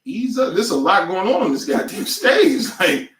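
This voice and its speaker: A man co-hosting a podcast in casual chat, animated and prone to loud outbursts and impressions. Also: sits high, moderate pace, echoey room, far from the mic, a little hiss or hum. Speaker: podcast co-host.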